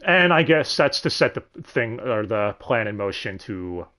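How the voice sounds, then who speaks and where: A man hosting a casual, profane review of an anime dub, sardonic and quick to laugh. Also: fairly low pitch, very animated, sharp tone. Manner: sardonic, swears freely, laughs often.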